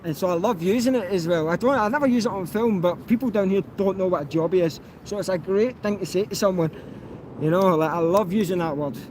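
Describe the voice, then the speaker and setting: A man from Scotland with a softened Scottish accent, chatting casually on a live stream and answering viewers, rambling with lots of fillers and restarts. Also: sits high, fast talker, noisy background. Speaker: YouTube auditor answering live chat.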